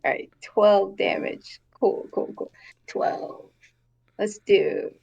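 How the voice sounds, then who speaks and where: A woman playing a tabletop game, relaxed and laughing between dice rolls. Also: medium pitch, takes it slowly, creaky, husky. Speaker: player. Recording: dull lo-fi audio.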